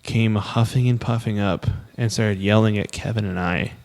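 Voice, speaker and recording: A young man co-hosting a podcast, his voice sitting on the low side. He tells stories with energy and swears freely, in a relaxed, chatty way. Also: moderate pace. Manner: swearing, animated storytelling. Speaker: podcast co-host. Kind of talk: casual chat.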